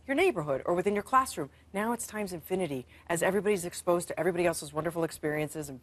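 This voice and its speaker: A woman's voice: fairly low pitch, very fast. A woman co-hosting a morning TV show, chatty and emphatic. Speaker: TV co-host. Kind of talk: morning TV interview.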